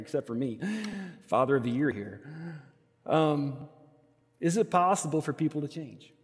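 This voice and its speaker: A male pastor preaching an earnest sermon in a church sanctuary, moving between quiet reflection and emphatic stress. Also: a little high. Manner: earnest, swinging from soft to emphatic. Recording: long hall reverb.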